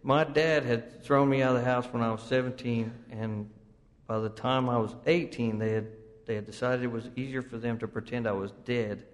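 A man with a drawl tells his story to a recovery group in a rambling, self-mocking way, stumbling over restarts. His voice sits at an ordinary middle pitch. It rings out with a long reverb, as if it is coming from a large meeting hall. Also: steady tone, moderate pace. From Oklahoma, US.

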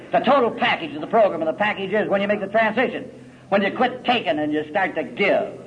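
High-voiced gritty guy telling his story at a meeting, folksy, dull old tape w/ faint hiss. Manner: gritty, folksy and emphatic, wide swings from loud to hushed. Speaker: recovery meeting speaker.

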